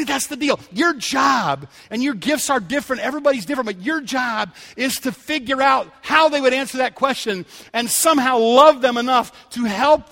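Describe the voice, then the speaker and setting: A high-pitched man with a bright, forceful voice preaches a sermon in a church. He moves between easygoing storytelling and loud, emphatic appeals to the congregation. A long hall reverb trails behind every phrase. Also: creaky. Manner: storytelling, conversational with rising emphatic calls. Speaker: pastor. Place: church sanctuary.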